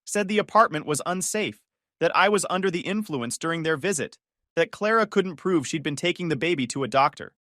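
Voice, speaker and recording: Broken, pleading drunk brother, done by a male storyteller; swings high and low, dry close sound. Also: lively intonation, normal speed, fairly bright tone, dry recording, natural voice. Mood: distraught. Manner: pleading, voice breaking. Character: desperate drunk twin brother, young adult man.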